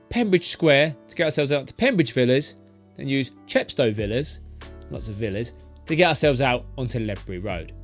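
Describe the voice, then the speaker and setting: A man, a taxi driver chatting his way through his routes street by street in a driving vlog. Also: medium pitch. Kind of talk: narrated driving vlog commentary.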